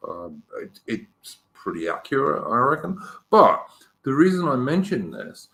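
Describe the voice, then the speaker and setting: A man's voice: mid-range voice, big pitch swings, measured pace, pushed and bright, reverberant. A middle-aged man with an English accent, hosting a casual live-stream chat, rambling and opinionated. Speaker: podcast host.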